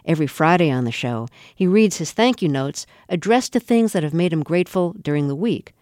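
A woman host running a radio interview, introducing her guest and asking measured questions. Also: sits low, animated, a little mellow, no room sound, studio quality.

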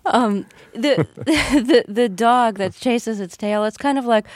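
Woman interviewer, relaxed and dry. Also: on the high side, slow, no echo. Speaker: radio interviewer. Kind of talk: interview questions.

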